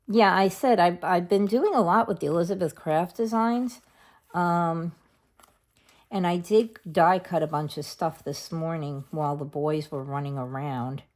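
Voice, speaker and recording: Slow, low-voiced woman chatting while crafting. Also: darkish tone. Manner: chatty, unhurried, thinks aloud while working. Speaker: craft channel host. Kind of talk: casual craft tutorial chat.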